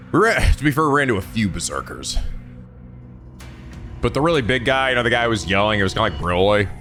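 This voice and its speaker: A man's voice: lowish voice, a bit bright. A man in his thirties hosting a let's play, reading a visual novel aloud with casual commentary, swearing and laughing often.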